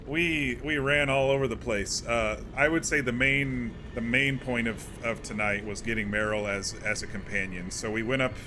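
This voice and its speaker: A man's voice: medium pitch, normal speed, hardly any pauses, noisy background. A man streaming a video game, giving casual gameplay commentary in a chatty, rambling recap full of self-corrections.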